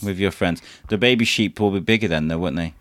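A man's voice: low-pitched, fast, a bit bright, no echo, clean studio sound. A man hosting a casual chat with his young son, teasing and encouraging him and chuckling often. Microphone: handheld microphone passed to child.

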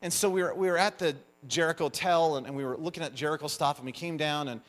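A man preaching a sermon, telling stories with animated emphasis as the pastor. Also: fairly high pitch, quick pace. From United States. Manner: animated storyteller, lively emphasis.

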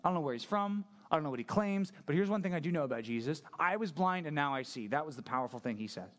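Animated, casual male preacher. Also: a little high, very fast. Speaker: pastor. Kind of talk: sermon.

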